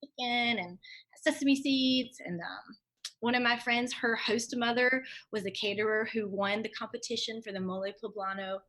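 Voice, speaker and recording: Young woman guest, slightly high voice, animated storyteller in casual interview. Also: normal speed. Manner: chatty, animated storytelling with fillers. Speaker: interview guest, Spanish teacher.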